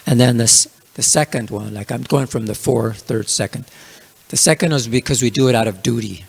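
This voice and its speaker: A man's voice: medium pitch, moderate pace, gravelly, breathy edge. A man teaching a scripture class in a casual storytelling manner, with many fillers. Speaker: religious class speaker.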